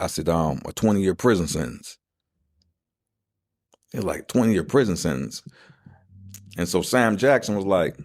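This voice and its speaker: A man's voice: low-pitched, measured pace, dry recording, studio quality. A middle-aged man hosting a podcast, telling his life story in casual streetwise slang and acting out the voices of the people he quotes.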